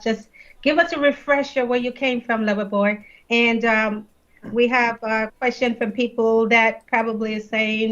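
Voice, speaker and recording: Brief: female radio host, high-ish voice, coaxing, muffled lo-fi line. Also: fairly bright tone. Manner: encouraging, prompting. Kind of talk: radio interview.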